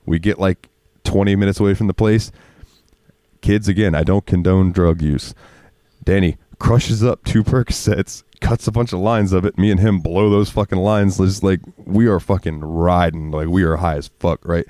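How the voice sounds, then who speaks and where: Man, very low voice, dry close mic; rambling, profane podcast storyteller who laughs often. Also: fairly even intonation, normal speed, warm tone, no echo. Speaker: podcast co-host. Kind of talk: casual storytelling chat.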